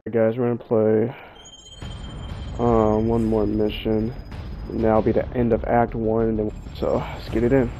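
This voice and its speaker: A young man giving casual gameplay commentary from his room, swearing and getting easily annoyed, with sudden excited outbursts. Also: on the low side, measured pace, dull audio. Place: home room, over game audio. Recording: game music loud behind voice.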